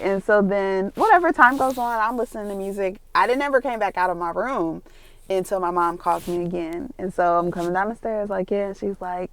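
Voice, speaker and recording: A young woman vlogger tells family stories while she decorates her planner. She acts out the people she quotes and sometimes drops to a soft, near-whispered voice. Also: mid-range voice, normal speed. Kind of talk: casual storytelling over planner decorating.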